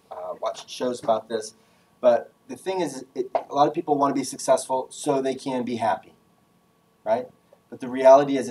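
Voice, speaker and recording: A man's voice: medium pitch, distant mic, poor audio. An upbeat man gives a casual, jokey talk to a class on job skills. He is picked up a little away from the mic in a room. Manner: energetic, casual, jokey, acts out phone voices. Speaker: guest speaker giving a career talk.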